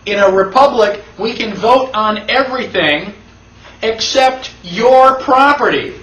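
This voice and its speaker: Man, classroom lecturer, high-pitched voice, emphatic, rhetorical questions, echoey room, distant mic. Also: measured pace, bright, forceful tone. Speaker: constitution class instructor. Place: classroom with an audience.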